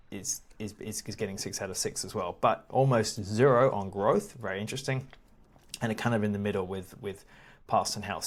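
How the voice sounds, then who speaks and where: Guy, lowish voice, chatting thru stock charts, lots of um and repeated words. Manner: casual, repeats words often, laughs now and then. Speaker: investing educator. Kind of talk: screen-share walkthrough.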